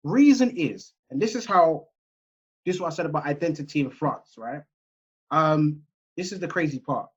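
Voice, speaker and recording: A man from England, voice a little high and slightly husky, speaks at a normal speed during a seminar lecture on a video call. He's relaxed and chatty, checking in with listeners often, though the call audio comes across dull and muffled.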